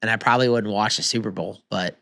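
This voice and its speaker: A man's voice: fairly low pitch, steady tone, fast, vocal fry, sharp tone, dry recording. A man co-hosting a sports podcast in laid-back, casual chat, swearing freely. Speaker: podcast co-host.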